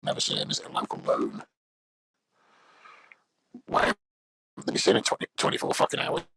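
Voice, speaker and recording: A man's voice: fairly quick, pushed and bright, slight background noise. A middle-aged man streaming live, chatting casually in a blunt, sweary, mocking way.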